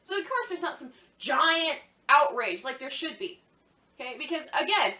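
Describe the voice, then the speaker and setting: A woman's voice: high-pitched, sing-song, normal speed, bright, forceful tone, echoey room. A woman giving heated, profane commentary on a talk show, mocking as she rants. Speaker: podcast co-host. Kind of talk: ranting commentary.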